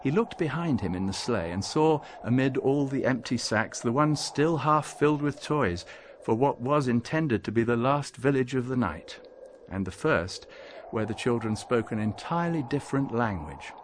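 A man narrating an audiobook, reading in a measured, expressive storytelling manner. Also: mid-range voice, slight background noise. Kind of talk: scripted narration.

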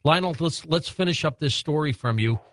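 A man's voice: fairly high pitch, lively intonation, a little fast, no room sound. A man hosting a late-night radio talk show, genial and chatty, laughing easily with his guests.

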